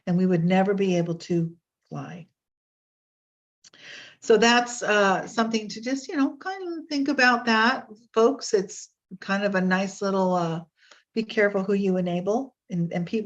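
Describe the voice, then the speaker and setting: A woman with a mid-range voice talks loosely and chattily, drifting between thoughts with fillers and restarts. She speaks into a video call mic. The audio is a little dull and lo-fi. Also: mid-range voice. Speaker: hypnotherapist hosting an online session. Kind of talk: casual spoken reflection with readings. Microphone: webcam on a video call.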